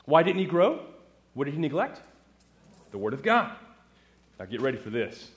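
Male preacher, slightly high voice, very expressive pitch, quizzes the congregation mid-sermon. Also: normal speed, pauses often. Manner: asks the audience rhetorical questions; animated, talks straight to the crowd.

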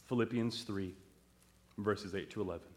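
A man's voice: on the low side, moderate pace. A male pastor preaching a sermon, telling stories and calling out questions to his congregation. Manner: animated storytelling, calls to the congregation.

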